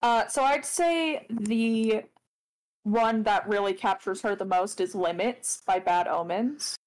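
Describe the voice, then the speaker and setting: A woman's voice: mid-range voice, slow pace, poor audio. A woman on a podcast panel, talking hesitantly and poking fun at herself. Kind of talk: casual chat.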